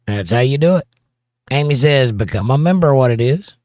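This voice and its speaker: A man's voice: mid-range voice, lively intonation, moderate pace, darkish tone, no echo, studio quality. A middle-aged man hosting a livestream, reading viewer comments aloud in casual chat with wry joking asides. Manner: wry, joking asides between read-outs. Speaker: livestream host.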